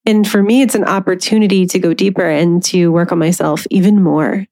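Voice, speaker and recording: A woman's voice: lowish voice, fairly even intonation, fairly quick, warm tone. A woman in her thirties hosting a solo podcast, talking candidly and conversationally, now and then acting out her inner voice with a laugh. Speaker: podcast host.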